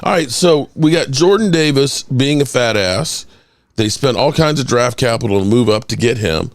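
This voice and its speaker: A man co-hosting a casual live sports stream, reading viewer chat aloud and shouting out fans. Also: medium pitch, animated, moderate pace, dry recording, studio quality. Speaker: sports podcast co-host.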